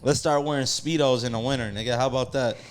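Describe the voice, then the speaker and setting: A young man co-hosting a podcast, joking around in loud, slangy banter. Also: medium pitch, fairly even intonation, fast. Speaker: podcast co-host. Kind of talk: casual chat.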